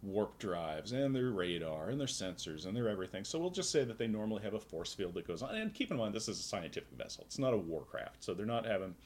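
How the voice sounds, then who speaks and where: A man with a fairly low voice and a lively, swooping delivery chats on a comic book podcast. He lays out his playful, tongue-in-cheek science theories at length, in an easygoing way. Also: quick pace, hardly any pauses, a little hiss or hum. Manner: explains in long, playful pseudo-scientific theories. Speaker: podcast co-host. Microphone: podcast microphone.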